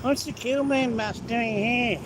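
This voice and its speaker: Slow-talking man driving. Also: extremely high pitch, fairly even intonation. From Australia. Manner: chatty, greets and answers live chat viewers by name. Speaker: live-stream host. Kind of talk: casual live-stream chat while driving. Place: inside a car on city streets. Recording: car road noise behind the voice.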